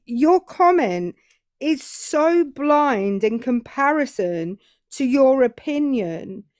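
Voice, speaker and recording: A British woman co-hosting a call-in show, making pointed, measured arguments to a caller. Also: high voice, darkish tone, no room sound, studio quality. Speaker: co-host. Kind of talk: debating a caller.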